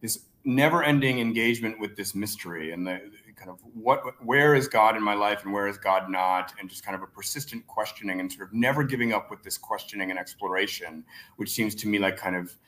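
A man's voice: lowish voice, a little fast, fairly bright tone. A man interviewing an author, reflective and searching for his words. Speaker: interviewer, fellow writer. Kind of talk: thoughtful interview questions.

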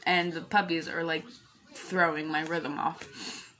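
Bright-voiced woman chatting casually. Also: low voice, level tone, slow, a little hiss or hum. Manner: rambling, chatty, swears casually, laughs often. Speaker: podcast host. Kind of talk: casual solo podcast chat. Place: cold bedroom at home. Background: puppies crying.

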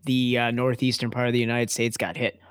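A man's voice: mid-range voice, completely flat delivery, fairly quick, clear, resonant tone, no echo. A man co-hosting a podcast, chatting casually over a beer, joking and rambling, with frequent laughter. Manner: jokey, rambling, laughs often. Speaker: podcast co-host.

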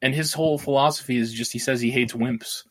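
A man's voice: mid-range voice, steady tone, a little fast, noisy background. A man co-hosting a podcast, casually recapping a film's plot in a rambling way, swearing and laughing as he goes. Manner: rambling, swears freely, laughs while retelling. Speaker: podcast co-host.

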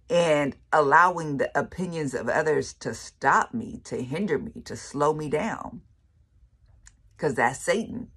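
Low husky woman preaching testimony. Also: a bit bright. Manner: emphatic, repeats phrases for effect, casual colloquial speech. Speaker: faith speaker sharing testimony.

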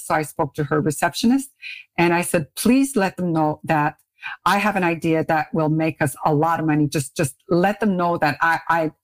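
A middle-aged woman from Canada tells her story as a podcast guest. Her low voice leaps high whenever she acts out what people said. The sound is close and dry. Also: no room sound. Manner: lively, acts out quoted voices with big pitch jumps. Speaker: guest, beauty brand founder. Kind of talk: animated storytelling in a podcast interview.

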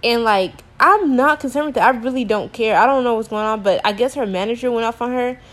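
A woman's voice: a little high, brisk, a bit bright. A young woman telling a frustrating story to camera in a casual rant, exasperated and slangy, with many filler words. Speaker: teacher.

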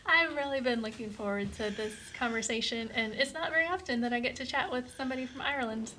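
A woman's voice: fairly high pitch, fast talker, pushed and bright, a little hiss or hum. A woman hosting a podcast, reading a scripted intro and then asking friendly follow-up questions. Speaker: podcast host.

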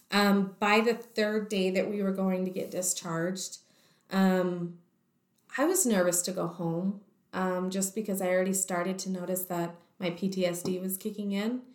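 A woman's voice: medium pitch, echoey room. A young woman telling a personal story in a chatty way, acting out what others said, with many "like" fillers. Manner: talkative, acts out quoted voices, many "like" fillers.

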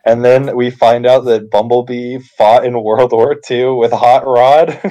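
A man in a casual movie discussion, chatting in a relaxed way and adding bits of trivia. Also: mid-range voice, slow, rough recording.

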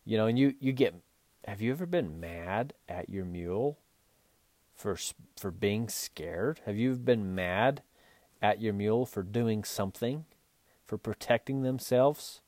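A man's voice: on the low side, animated, measured pace, darkish tone, dry recording. A man hosting a podcast, coaching riders in an earnest talk with many restarts. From Utah. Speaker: podcast host and horse and mule trainer.

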